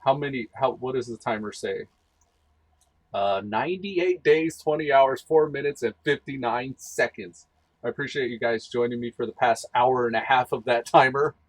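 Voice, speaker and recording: Husky chatty gaming streamer man. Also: mid-range voice, dry recording, low-quality recording. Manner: rambling, chatty, thinking aloud. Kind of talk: casual gameplay commentary.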